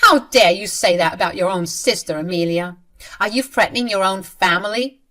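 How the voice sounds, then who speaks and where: A dismissive, scolding middle-aged mother, read by a woman narrator in a storybook drama. Her tone is irritated and entitled, with the voice lifting higher and louder than the plain narration. It stays within the reader's own fairly low range. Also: measured pace.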